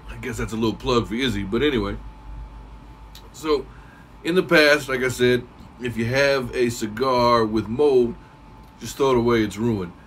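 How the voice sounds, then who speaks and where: A man giving a casual, rambling how-to talk as a cigar reviewer, clearing his throat now and then. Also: medium pitch, moderate pace, long pauses, a bit bright, recorded from a distance, slight background noise, poor audio.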